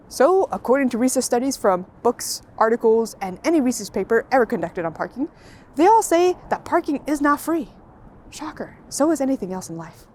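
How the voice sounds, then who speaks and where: A woman with a high voice delivers a scripted video essay voice-over. Her tone is sarcastic, and she rants her way through each point. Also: big pitch swings, a little fast, darkish tone, slight background noise. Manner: sarcastic, ranting.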